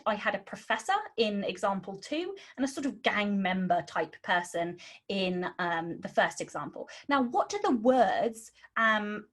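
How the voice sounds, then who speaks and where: A British woman giving a webinar lesson on writing, cheeky and sarcastic in tone, with lots of ums. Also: mid-range voice. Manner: says um a lot. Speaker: writing instructor.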